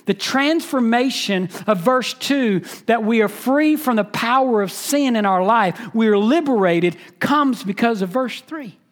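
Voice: mid-range voice, expressive, unhurried, hardly any pauses. A pastor preaching an expository sermon, emphatic and teaching, repeating key phrases and asking the listeners questions.

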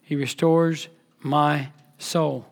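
A man preaching a sermon as pastor, impassioned, swinging between loud emphatic peaks and soft hushed lines. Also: on the high side, level tone, extremely slow, vocal fry.

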